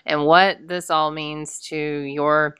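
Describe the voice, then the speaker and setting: A woman hosting a podcast interview, upbeat, with quick reactions. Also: low-pitched, level tone, fairly bright tone, smooth, dry recording, clean studio sound. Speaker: podcast host. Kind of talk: casual interview chat.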